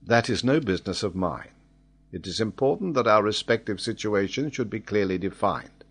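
A man voicing a grave male lord questioning a captive, his lowish voice earnest and pressing. An audiobook figure, serious and controlled. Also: animated, normal speed.

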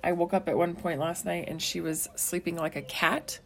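Young woman, somewhat low voice, tired and frank, casual co-host, faint hiss. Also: fairly even intonation, moderate pace, a bit bright. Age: young adult. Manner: frank, tired, with frequent 'like'. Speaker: podcast co-host. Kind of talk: casual chat.

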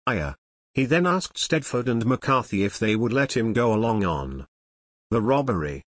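Lively man narrating true crime. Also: mid-range voice, moderate pace, no room sound, clean studio sound.

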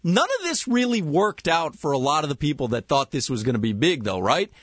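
A man's voice: a little high, very animated, brisk, no room sound. A man co-hosting sports talk radio, opinionated and teasing, close on a studio mic. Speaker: radio co-host.

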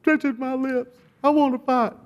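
A tearful young man wails in a very high, shrill voice, aggrieved and whiny, as a man puts him on. He sounds like he is on the verge of sobs. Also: steady tone, normal speed, long reverb tail, highs cut off. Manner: shrill, wailing.

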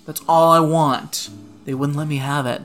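At medium pitch and normal speed, a podcast co-host rants through a story in casual chat. The telling is animated and profane, full of swearing and constant "like," with faint guitar music behind it.

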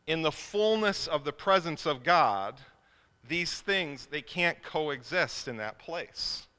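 A man's voice: a little high, animated, slow, bright, forceful tone, smooth. A male pastor preaching a sermon, telling a family story in a loose, conversational way with many fillers and restarts. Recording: long hall reverb.

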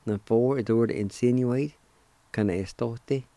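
With a mellow, mid-range voice and no room sound, a male radio instructor walks through a language lesson. He spells out words and sounds them syllable by syllable, slowly and deliberately.

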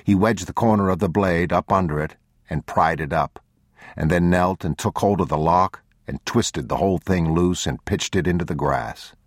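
A man narrating an audiobook in a measured, grave, unhurried way, on a close studio mic. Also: deep voice, no room sound. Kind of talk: scripted narration.

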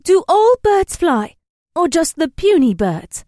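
A man reading a novel aloud, voicing a dainty young female warrior who speaks slowly and asks wondering, halting questions. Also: extremely high pitch, big pitch swings, warm tone, dry recording, clean studio sound, pitched above the performer's own voice, heavily acted. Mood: awed curious. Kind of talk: audiobook character voice.

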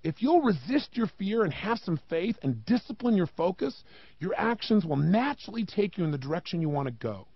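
Animated gravelly motivational speaker, man. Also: high voice, brisk, dry recording, muffled recording. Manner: rhetorical questions, emphatic and animated. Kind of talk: motivational talk.

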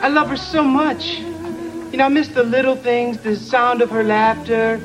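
A high, soft pop-star voice. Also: male voice, flat delivery, measured pace, music in the background, low-quality recording. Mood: mournful. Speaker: sketch character. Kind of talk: TV sketch comedy.

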